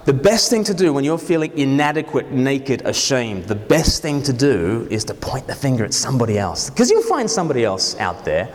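A man's voice: medium pitch, sing-song, a little fast, few pauses, in a large hall. A man preaching a sermon, joking and putting questions to his congregation.

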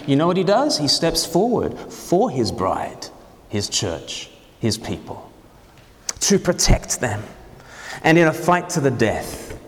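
A man's voice: mid-range voice, long reverb tail. A man preaching a sermon, joking and putting questions to his congregation.

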